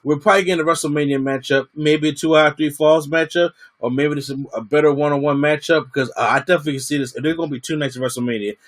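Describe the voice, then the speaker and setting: Guy doing a wrestling review, kinda high voice, slangy and animated. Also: quick pace, few pauses. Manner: animated, slangy, acts out quotes. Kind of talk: casual review monologue.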